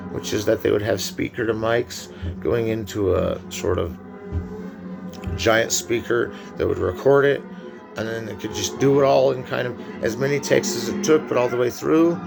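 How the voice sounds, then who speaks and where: A man's voice: mid-range voice, gravelly. A man giving a rambling film lecture, with many restarts and asides.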